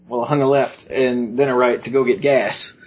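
Husky man telling a lively story. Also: medium pitch, normal speed, dull audio. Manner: animated, acts out quoted voices, laughs often. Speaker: podcast co-host. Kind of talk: casual storytelling chat.

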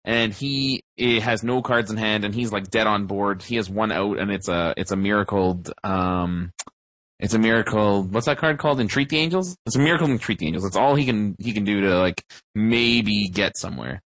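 A man's voice: on the low side, moderate pace, a bit bright, dry recording. A man co-hosting a podcast, rambling through a story with many fillers and restarts. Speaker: podcast co-host. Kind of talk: casual chat.

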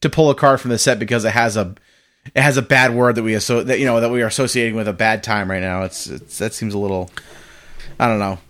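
A man's voice: lowish voice, fairly even intonation, quick pace, a bit bright. A man co-hosting a podcast in casual chat, often repeating words as he thinks aloud. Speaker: podcast co-host.

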